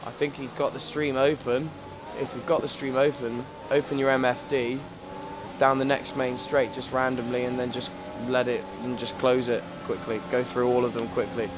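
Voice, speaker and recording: Excitable male racing commentator, sweary and jokey, noisy stream audio. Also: mid-range voice, moderate pace. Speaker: race commentator.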